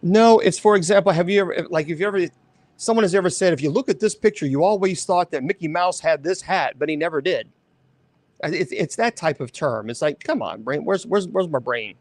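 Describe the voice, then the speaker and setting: A man hosting a show, chatting casually in a rambling, animated way, often correcting himself. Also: a little high, brisk, no room sound. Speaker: host. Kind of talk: casual chat.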